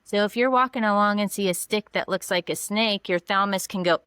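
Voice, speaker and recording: Animated middle-aged woman counselor, dry sound. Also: medium pitch, brisk, few pauses, clear, resonant tone, dry recording. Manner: animated, acts out dialogue in voices. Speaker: mental health counselor, guest. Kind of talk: conversational explaining with acted examples.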